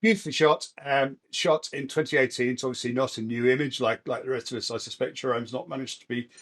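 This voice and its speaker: A man's voice: mid-range voice, fast talker, a bit bright. A man co-hosting a casual chat, praising photos in a reflective, appreciative way. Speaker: co-host.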